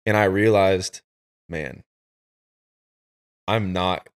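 A man with a notably low, deep voice shares a personal story on a podcast. He talks in a candid, reflective way, with loose and unpolished phrasing. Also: drawn-out words. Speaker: podcast host. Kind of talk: casual conversation.

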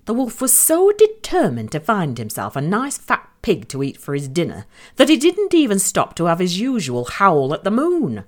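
A woman reading a children's story aloud in an expressive, playful way. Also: mid-range voice, moderate pace.

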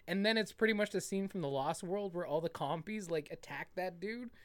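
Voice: mid-range voice, a little fast, a bit bright. A podcast co-host in casual film chat, telling stories in a rambling way full of fillers. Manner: rambling, filler-heavy storytelling.

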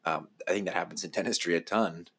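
A man's voice: sits low, fairly even intonation, quick pace, gravelly, fairly bright tone, slightly rough. A man co-hosting a casual podcast, thinking aloud in a reflective way with frequent fillers.

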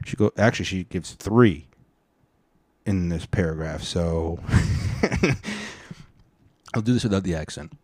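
A man's voice: low-pitched, unhurried, pauses often, a little mellow, no room sound. A man hosting his own podcast in casual solo commentary, rambling and profane, with frequent restarts. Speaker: podcast host.

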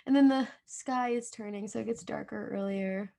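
A woman's voice: fairly high pitch, moderate pace, vocal fry, mellow. A woman with a New Jersey accent co-hosting a podcast, chatting casually and rambling with plenty of "like" fillers. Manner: rambling, heavy use of "like". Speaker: podcast co-host. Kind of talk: casual chat.

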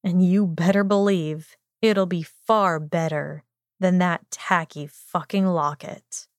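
A woman reading fan fiction aloud, voicing a possessive young man lover with a steady, low-key delivery. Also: slow, no room sound, clean studio sound.

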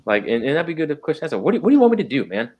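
A man's voice: fairly high pitch, very animated, racing, husky, dull audio. A man talking earnestly in a casual faith discussion, restarting sentences and firing off rhetorical questions.

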